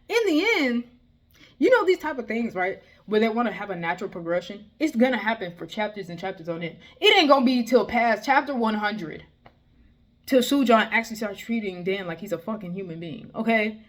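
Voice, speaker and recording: A woman's voice: fairly high pitch, a little fast. Heated, exasperated woman ranting. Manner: heated, exasperated, swears often, animated outbursts. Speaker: manga reviewer. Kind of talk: casual ranting review.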